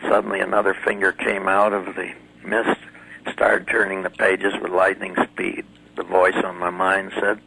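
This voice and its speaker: A man's voice: low voice, little pitch movement, moderate pace, creaky, bright, forceful tone, slightly rough, poor audio. A man giving earnest testimony as an interview guest, telling his story vividly and dramatically. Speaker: guest recounting a near-death experience.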